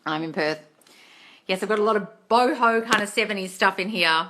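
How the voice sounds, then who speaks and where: A woman's voice: mid-range voice, a little fast, background noise. A woman hosting a casual phone livestream from her new apartment, chatty, reading comments aloud and calling viewers darling. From Australia. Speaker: manifesting coach hosting a livestream. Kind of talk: casual livestream chat and advice.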